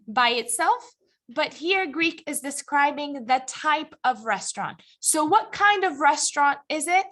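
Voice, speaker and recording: A woman's voice: high voice, bright, forceful tone. A woman teaching an English grammar lesson to a live class, patiently explaining and often stopping to ask the students whether they follow. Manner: checks understanding often, asking the class questions; patient, encouraging. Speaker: ESL teacher. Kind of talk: live classroom lecture, also streamed online.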